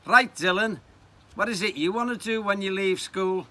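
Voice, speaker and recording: Older man doing a brisk, loud careers officer. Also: sits high, voice pushed up. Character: brusque male school careers officer.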